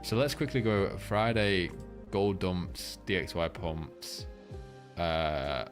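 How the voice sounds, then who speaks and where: Low-voiced man rambling through market talk. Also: expressive, slow pace, over music. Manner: loose and rambling, swears freely, many fillers. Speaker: trading livestream host. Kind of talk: casual live market commentary, reading chat.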